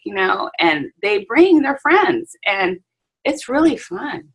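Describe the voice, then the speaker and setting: A woman who owns a hair salon, chatting on a video call in a lively storytelling way, with plenty of fillers. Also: medium pitch, unhurried, husky, rough recording. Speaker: salon owner and hairstylist. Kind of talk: casual chat on a video call.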